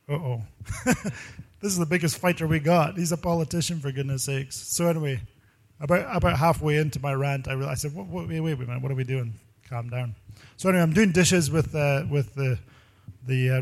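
A man preaching in a slightly higher voice than most men, rambling through personal stories. He is animated and laughs often, and his sermon feels loose and unscripted. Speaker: pastor.

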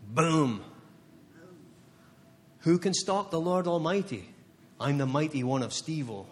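A man's voice: a little high, expressive, slow pace, pauses often, in a large hall, a little hiss or hum. A male pastor preaching a sermon, impassioned and building to fired-up declarations with emphatic repeated phrases.

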